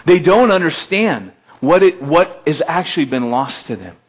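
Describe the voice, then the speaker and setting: A fairly high-pitched man preaching a sermon to his congregation in a relaxed, conversational way. His delivery climbs to emphatic peaks, then sinks low and quiet. The recording is dull and lo-fi, as if from a basic room setup. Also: moderate pace. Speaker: pastor. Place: elementary school meeting hall.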